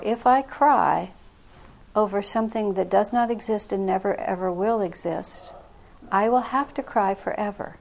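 A woman's voice: medium pitch, vocal fry, darkish tone. A woman spiritual teacher speaking to a group, earnest and frank, breaking into laughs now and then. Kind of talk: spiritual talk with questions.

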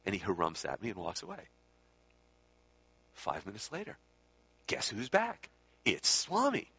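Husky man telling a rambling story. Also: on the low side, wildly swooping pitch, unhurried, bright, forceful tone. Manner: rambling, self-correcting, with many asides. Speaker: speaker recalling time with a spiritual teacher. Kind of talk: casual anecdotal storytelling. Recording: dull lo-fi recording.

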